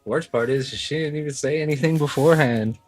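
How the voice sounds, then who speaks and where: A man's voice: on the high side, fairly quick, faint music behind. A man in his thirties in a casual chat with a friend, blunt and reflective, swearing freely. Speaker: friend of the host.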